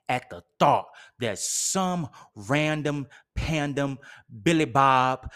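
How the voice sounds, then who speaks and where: Slow, theatrical ranting man. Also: medium pitch, animated, a bit bright, smooth. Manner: theatrical, exasperated ranting with sarcastic asides. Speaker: podcast host. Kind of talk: solo podcast rant.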